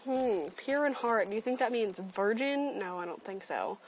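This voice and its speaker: A woman's voice: mid-range voice, normal speed, slight background noise, rough recording. A woman ranting sarcastically and with lots of swearing in a webcam opinion vlog. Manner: animated, sarcastic and profane ranting. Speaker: vlogger. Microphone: computer webcam.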